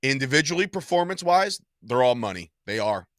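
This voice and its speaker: A man's voice: medium pitch, sing-song, brisk, fairly bright tone, no echo, clean studio sound. A man co-hosting a wrestling podcast in casual chat, opinionated and blunt, swearing freely. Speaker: podcast co-host.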